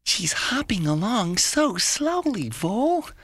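A woman's voice: medium pitch, big pitch swings, slow, background noise. A woman voicing an anxious companion of a vole in a children's educational audio story, urgent and worried.

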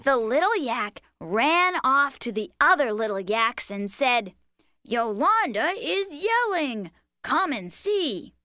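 A woman's voice: sits high, very animated, slow pace, pushed and bright, dry recording, studio quality, exaggerated voice. A woman doing a sing-song cartoon storyteller critter. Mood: patient. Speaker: bedtime storyteller. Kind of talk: children's cartoon voice acting.

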